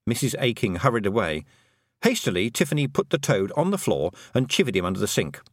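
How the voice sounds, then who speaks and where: A man narrating a children's fantasy audiobook, expressive and playful. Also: on the low side, brisk, no echo, clean studio sound. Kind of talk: scripted narration.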